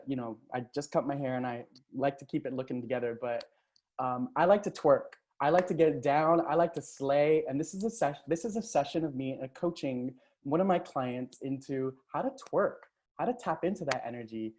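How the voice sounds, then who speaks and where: A man leading a live online coaching session, upbeat and hyping up the chat with cheers and quick shout-outs, talking into a computer mic on a video call. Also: on the high side. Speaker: transformational coach.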